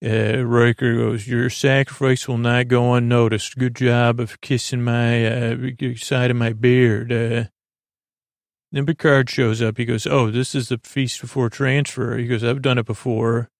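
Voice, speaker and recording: A man's voice: medium pitch, little pitch movement, measured pace, creaky, dry recording, studio quality. A man hosting a sleep podcast, loosely retelling a TV episode in a meandering way, full of fillers and restarts. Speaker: podcast host. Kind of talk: rambling episode recap for sleep.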